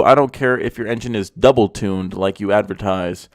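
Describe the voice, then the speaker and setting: A man's voice: lowish voice, normal speed, darkish tone, no echo, clean studio sound. A young man hosting a car review, talking with blunt, profane, mocking sarcasm. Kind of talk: profane comedic car commentary.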